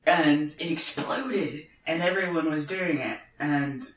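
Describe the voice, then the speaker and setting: A man's voice: a little high, takes it slowly, a bit bright. A man with a posh London accent and northern tweaks, chatting wryly as a podcast co-host at home. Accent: posh London English with northern tweaks. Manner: chatty, wry and joking. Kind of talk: casual chat over wine. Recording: roomy echo.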